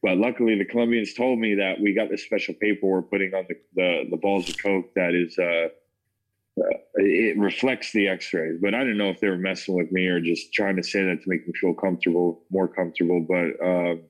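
Man, American accent, very low voice, casual testimony storytelling, lots of fillers. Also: steady tone, fairly quick, low-quality recording. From United States. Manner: casual, filler-heavy, says "like" and "man" often. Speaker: interview guest.

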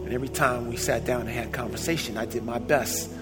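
Excitable storytelling man over music. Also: mid-range voice, fast. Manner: excitable, swings from shouting to hushed. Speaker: speaker telling a personal story. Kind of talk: animated personal storytelling. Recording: music playing behind.

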